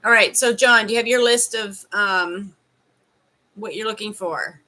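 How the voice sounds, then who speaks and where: A Canadian woman in her thirties chats with viewers on a casual live stream from home. Her voice is bright and crisp, and she keeps up a teasing, joking tone and laughs often. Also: mid-range voice, a little slow. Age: 30s. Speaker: life coach hosting a live stream.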